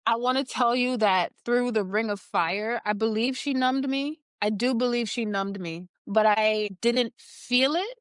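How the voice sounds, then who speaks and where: A woman guest on a podcast, candidly telling a personal story in an animated way and laughing now and then. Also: on the high side, no room sound, clean studio sound.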